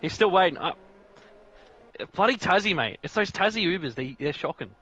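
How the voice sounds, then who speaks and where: A man's voice: high voice, expressive, fairly quick, pushed and bright, slightly rough, lo-fi sound. An Australian man chatting casually as a stream co-host, laid-back and calling everyone "mate". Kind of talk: casual chat over racing commentary.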